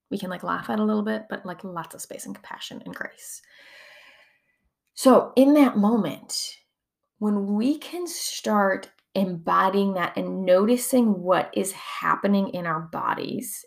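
Young woman, somatic coach, casual teaching talk, chatty and filler-heavy, creaky fry. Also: medium pitch.

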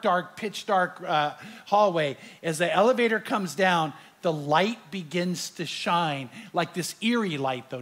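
A male pastor with a high-pitched voice tells a story to a large audience. He is animated and acts out his own fright before turning to scripture. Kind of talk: sermon with storytelling.

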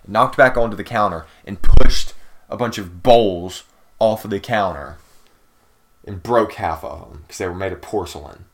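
A young man with a slightly low voice tells a story in relaxed podcast chat. He rambles and backtracks, filling gaps with "like" and "anyway". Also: normal speed. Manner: rambling storyteller, many fillers. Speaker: podcast co-host. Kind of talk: casual chat.

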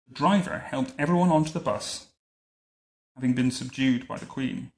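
A man reading a picture book aloud to a child at home, adding wry, deadpan comments between the lines. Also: medium pitch, moderate pace. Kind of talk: bedtime story reading with joking asides. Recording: roomy echo.

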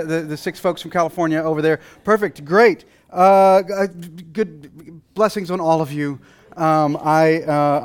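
A pastor from Texas delivers a loose, conversational sermon, his light Texan accent showing at times. This man's voice sits slightly high, and he stumbles through fillers and restarts as he talks.

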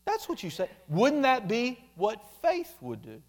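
A man preaching a sermon, animated, acting out quoted complaints in mocking voices. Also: very high voice, a little slow, a little hiss or hum. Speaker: pastor.

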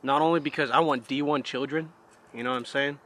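A man's voice: mid-range voice, steady tone, quick pace, a bit bright. A young man co-hosting a casual podcast chat, crude and joking with plenty of swearing. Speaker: podcast co-host.

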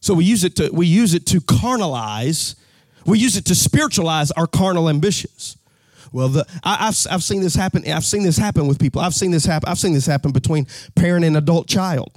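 A man preaching a live sermon as pastor, animated and folksy, breaking into shouts and a sing-song cadence. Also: a little high, a little fast, no room sound, clean studio sound. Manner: folksy, jokes with the crowd, repeats phrases.

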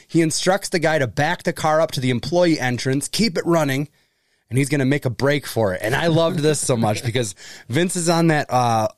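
A man's voice: on the high side, moderate pace, no echo, clean studio sound. A man co-hosting a podcast, recapping in casual chat, laughing often and swearing casually. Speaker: podcast co-host.

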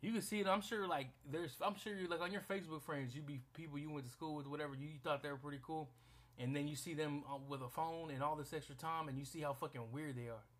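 A young man with a somewhat high voice rants in a casual, blunt way. He swears freely and often stumbles into restarts and repeated words. His delivery stays loose and conversational. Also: fast, a bit bright. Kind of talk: casual rant to camera.

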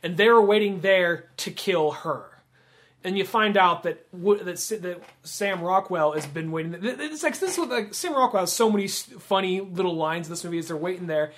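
A man's voice: sits high, animated, brisk, fairly bright tone. A man co-hosting a podcast, casually retelling movie scenes and acting out the characters' lines. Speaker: podcast co-host. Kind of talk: casual film discussion.

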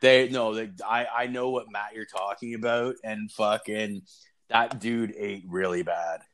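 A young man with a fairly low voice, chatting casually. He rambles through his stories, swears nearly every line and laughs along as he goes. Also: fairly even intonation, a little slow, fairly bright tone. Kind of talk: casual chat.

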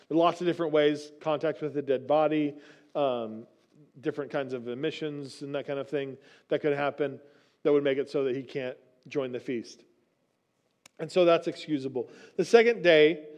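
Male pastor, sermon delivery, chatty teaching tone, voice a bit on the high side. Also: darkish tone. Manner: conversational teaching with frequent restarts and "right?" asides.

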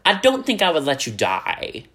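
A man's voice: on the high side, wildly swooping pitch, normal speed, fairly bright tone, slightly rough. A man from the American South hosting a casual podcast, laid-back and self-deprecating as he jokes with his co-host. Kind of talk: casual chat.

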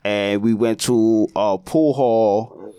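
A laid-back man who speaks slowly and hesitantly, his voice smooth and clear. The mic is close and dry. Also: on the low side, steady tone, dark tone, dry recording. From Brooklyn, New York. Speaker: podcast co-host. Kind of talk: casual chat.

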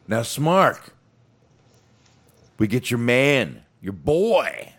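A man's voice: mid-range voice, drawn-out words. A man co-hosting a podcast, chatting casually and swearing freely as he recaps a wrestling show. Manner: animated, laughing, swearing freely. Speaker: podcast co-host.

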